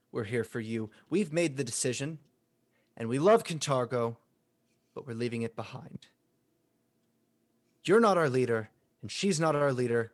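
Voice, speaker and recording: Man voicing a bald armored warrior, steady. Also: medium pitch, natural voice.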